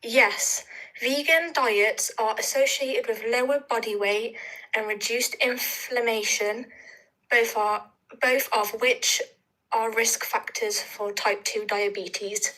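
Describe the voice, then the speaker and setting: A woman calling in to a live stream, hesitant and full of ums, reading out slowly. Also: fairly high pitch, fairly even intonation, bright, forceful tone, poor audio. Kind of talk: casual call-in chat.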